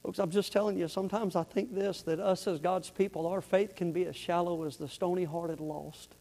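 High-voiced preacher in a reverberant church. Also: male voice, moderate pace. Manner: animated, rising to near-shouting in the story, dropping soft and earnest for the appeal. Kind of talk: sermon with storytelling. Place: church sanctuary. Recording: long hall reverb.

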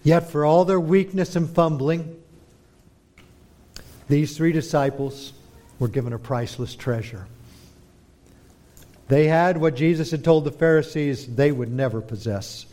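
A man preaching a sermon, dramatic, moving between hushed, slow emphasis and forceful rises. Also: a little high.

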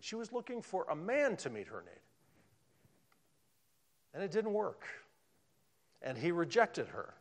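A man preaching a sermon, swinging from loud emphatic lines down to hushed, almost whispered ones. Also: high-pitched, sing-song, normal speed, pauses often.

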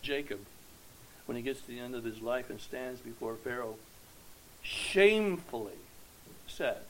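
A man preaching a sermon to his congregation, earnest and emphatic, dropping to hushed tones and swelling to loud declarations, posing rhetorical questions. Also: medium pitch, unhurried, long pauses, slight background noise, poor audio. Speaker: pastor.

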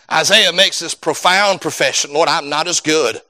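A man preaching a sermon, swinging between loud rising peaks and low hushed passages. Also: unhurried.

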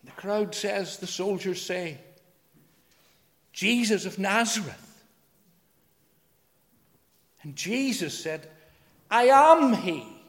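A man preaching a sermon, emphatic, swinging between loud declarations and hushed phrases. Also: high-pitched, slow, pauses often. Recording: long hall reverb.

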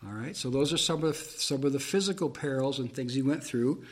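A man's voice: mid-range voice, a little fast, hardly any pauses. Man explaining scripture in a sermon. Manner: reads scripture aloud, then explains it plainly with fillers and restarts. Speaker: preacher. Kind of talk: Bible teaching sermon.

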